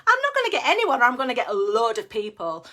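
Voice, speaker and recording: A woman's voice: fairly high pitch, big pitch swings, fast, pushed and bright. A middle-aged woman giving a casual, blunt motivational talk as a team leader, chatty and down-to-earth with frequent laughs. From United Kingdom. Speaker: network marketing team leader.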